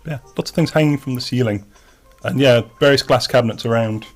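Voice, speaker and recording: A man's voice: mid-range voice, fairly quick, soft background music. A man narrating as game master of a tabletop game, rambling with many restarts and fillers.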